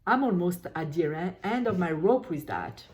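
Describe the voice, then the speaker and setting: A woman leading a guided tapping session, slowly voicing frustration in short repeated phrases while naming tapping points. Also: fairly low pitch, animated. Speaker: EFT tapping coach.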